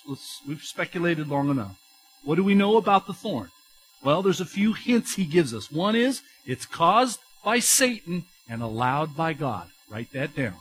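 A pastor in his middle years delivers a lively sermon, his voice sitting a touch higher than most men's. He swings between loud, emphatic lines and quieter asides, often stumbling over his own words as he pushes on. Soft music plays faintly underneath. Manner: animated, conversational preaching with emphatic rises and stammered restarts.

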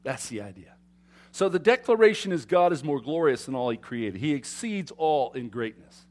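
A man preaching a sermon to his congregation, swinging between loud emphatic declarations and quiet asides, often asking them questions. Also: fairly high pitch, animated, moderate pace. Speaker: pastor. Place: church sanctuary.

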